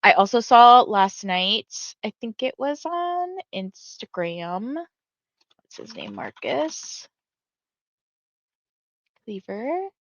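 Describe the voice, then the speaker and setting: A woman's voice: a little high, sing-song, slow, long pauses, dry recording, lo-fi sound. A woman in her thirties hosting a casual livestream, chatting in a rambling way and reading viewer comments aloud. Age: 30s. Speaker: livestream host.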